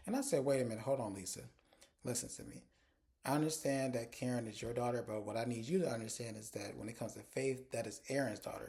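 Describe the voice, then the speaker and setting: Animated, frank man mimicking characters. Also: fast talker. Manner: animated and frank, addresses viewers as y'all; jumps up in pitch to mimic female characters. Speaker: TV episode reviewer. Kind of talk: casual episode recap.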